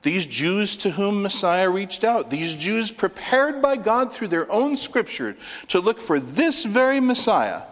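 A man preaching an expository sermon, emphatic as he walks listeners through scripture references. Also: sits high. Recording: long reverb of a large hall.

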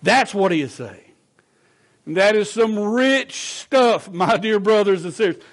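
High-voiced, slow-preaching pastor. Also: male voice, lively intonation. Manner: earnest preaching, swinging between low and raised emphasis; repeats himself in quick conversational asides. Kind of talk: sermon. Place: church sanctuary.

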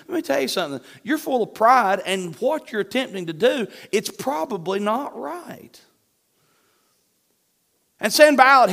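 A man preaching a sermon in an emphatic, animated manner, with a shifting pace. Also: high voice.

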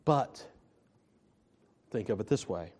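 A man preaching a sermon, slow and emphatic, stressing and repeating his key phrases. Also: fairly low pitch, expressive, a little mellow.

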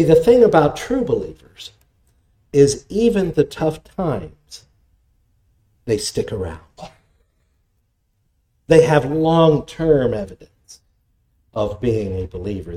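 A man preaching a sermon, with animated delivery and scripture quotations. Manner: animated preaching, dramatic pitch swings, reads scripture quotes. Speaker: pastor.

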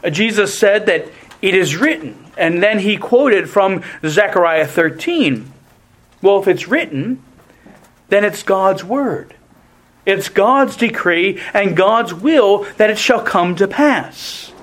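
A man preaching a sermon in a deliberate, emphatic way, often restarting his phrases. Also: high-pitched, expressive, a bit bright.

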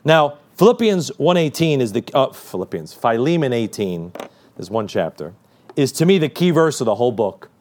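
A man's voice: mid-range voice, very animated, moderate pace, a little mellow. A male preacher giving a midweek sermon, quoting scripture with emphasis and dropping joking asides.

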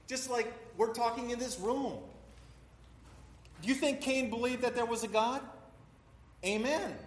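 Middle-aged preacher guy, pretty high voice, giving a sermon in a big echoey church. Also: measured pace. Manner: acts out voices in quotes, talks with a congregation. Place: church hall. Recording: echoey hall.

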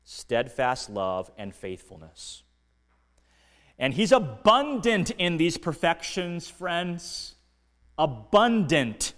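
Slow, earnest preacher in a reverberant church. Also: male voice, a little high, very animated. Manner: slow, earnest preaching that swings between quiet and emphatic. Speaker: pastor. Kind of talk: sermon. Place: church sanctuary.

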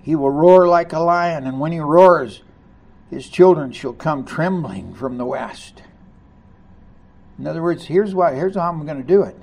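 Guy preaching a sermon, reads the verses then talks them through, slow and animated. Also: fairly high pitch, creaky. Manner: expressive, rising to loud emphasis on key lines; reads scripture aloud and comments between passages.

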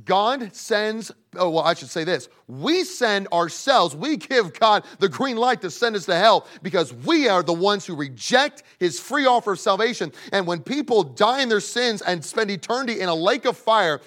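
A man preaching a sermon to young people, emphatic, swinging between loud pleading and hushed asides. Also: sits high, animated, normal speed, hardly any pauses. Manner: speaks directly to young people in the congregation.

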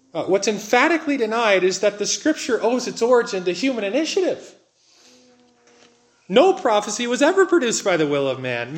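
Earnest, fairly high-voiced male preacher. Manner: earnest, slows down to stress key words. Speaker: pastor. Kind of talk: sermon.

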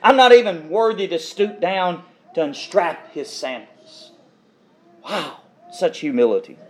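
A man's voice: sits high, lively intonation, a little slow, slight background noise. A man preaching an expository sermon, reading scripture verses aloud and then explaining them with emphatic repetition.

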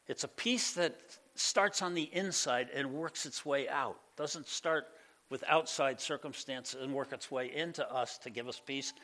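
A male pastor with a bright, fairly high voice delivering a church sermon. He talks loosely and conversationally, swinging from loud bursts to hushed, tender passages. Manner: conversational preaching with many fillers, rising loud then dropping soft.

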